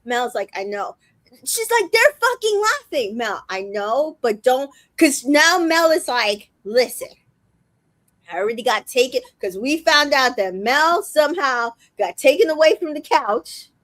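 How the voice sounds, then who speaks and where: A woman's voice: sits high, expressive, a little slow, a bit bright, no room sound. A woman hosting a casual recap chat, retelling scenes with lots of swearing and filler words. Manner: retells scenes quoting people, swears freely, many fillers. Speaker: recap podcast host.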